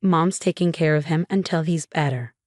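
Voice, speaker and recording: A woman's voice: sits low, normal speed, a little mellow, no room sound, clean studio sound, close to an everyday voice. A woman voicing a firm, dismissive young husband who talks over his wife, in a narrated storybook drama.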